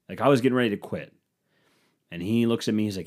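Man, low-pitched, profane storyteller, animated, mumbled quotes. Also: quick pace.

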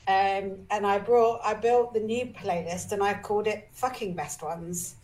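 Energetic woman sharing candid stories. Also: mid-range voice, measured pace, rough recording. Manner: energetic, emotional, with frequent restarts; swears casually. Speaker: podcast guest. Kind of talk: candid personal storytelling.

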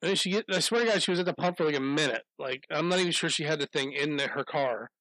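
A man's voice: a little high, fast, fairly bright tone, no room sound, poor audio. A man telling a rambling anecdote in casual chat, swearing often and laughing as he goes.

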